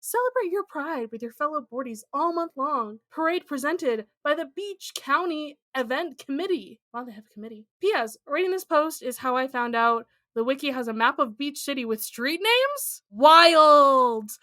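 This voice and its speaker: High-voiced woman podcast co-host. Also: expressive, moderate pace, hardly any pauses, bright, forceful tone, dry recording, studio quality. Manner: playful, reads listener posts aloud, laughs often. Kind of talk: casual podcast chat.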